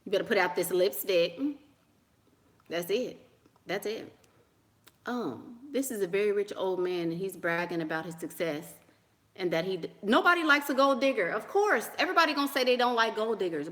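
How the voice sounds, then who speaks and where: A woman's voice: mid-range voice, lively intonation, a little fast, a bit bright. A woman vlogger answering viewer questions about dating in a sassy, blunt, dismissive way, laughing often and repeating lines for emphasis. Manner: blunt, sassy and dismissive, with frequent "honey" and "girl". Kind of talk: casual advice monologue.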